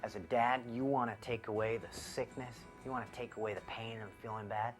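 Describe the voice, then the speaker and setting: A man's voice: medium pitch, steady tone, a little fast, faint music behind. A young man, a father and youth pastor, giving an earnest devotional talk from his child's bedroom; he speaks conversationally and grows impassioned.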